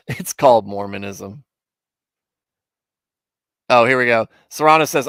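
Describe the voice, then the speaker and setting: A man's voice: medium pitch, slow pace, gravelly, pauses often, fairly bright tone, no room sound. A man hosting a casual livestream, chatting with viewers in a rambling, self-mocking way with mock indignation. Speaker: livestream host.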